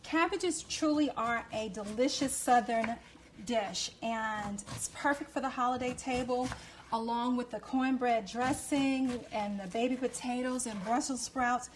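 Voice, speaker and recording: Woman host of a cooking show, bubbly and effusive, slightly high voice. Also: a little slow, a little hiss or hum. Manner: gushing and effusive. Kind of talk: cooking demonstration.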